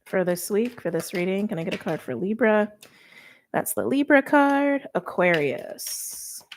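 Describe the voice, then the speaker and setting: A woman's voice: medium pitch, lively intonation, a little slow, slight background noise. A young adult woman giving a chatty, emphatic tarot reading, interrupting herself often. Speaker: tarot reader.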